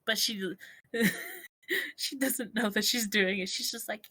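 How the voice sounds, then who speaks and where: A woman playing a tabletop game, describing her character's actions haltingly, with many fillers. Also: mid-range voice, bright, forceful tone, breathy edge. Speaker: player.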